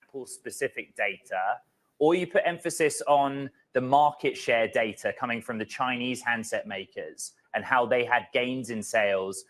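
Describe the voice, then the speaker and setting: A man's voice: mid-range voice, normal speed, a bit bright. A man co-anchoring a finance broadcast, putting direct questions to a guest and addressing her by name. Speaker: news anchor.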